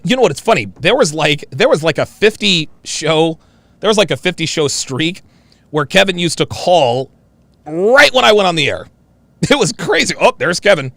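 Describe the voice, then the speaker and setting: A man hosts a live show and reads viewer messages in a distinctive, animated voice that jumps from high to low. His tone has a gravelly fry in it. The sound is dry and close, with little room around it. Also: normal speed, no room sound. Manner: swings between very high and very low inflections. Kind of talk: live-stream commentary.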